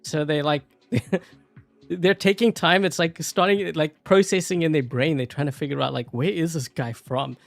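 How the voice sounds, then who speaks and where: Soft background music plays under a man's gravelly, higher-than-average voice, which has no room sound and moves at a moderate pace. He's a South African-accented gameplay YouTuber giving casual, rambling commentary. He laughs often and uses plenty of fillers.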